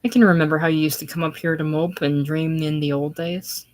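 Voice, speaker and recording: A woman playing a breezy, businesslike ship's officer back home, hearty and commanding. The voice stays low and carries loudly in a solo play reading. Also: steady tone, fairly quick, lightly acted. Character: brisk, breezy ship's officer, authoritative man.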